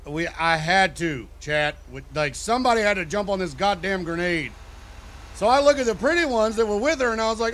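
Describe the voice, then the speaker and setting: A man's voice: sits high, lively intonation, brisk, a bit bright. A man in a game role-play, telling a joking, profane story in a casual, chatty way.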